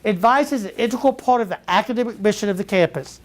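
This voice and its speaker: A middle-aged man from Southeast Georgia with a Georgia accent, giving a keynote speech to educators and telling lively stories that draw in the audience. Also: high voice, fast talker. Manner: lively storyteller who quizzes the audience. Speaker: keynote speaker.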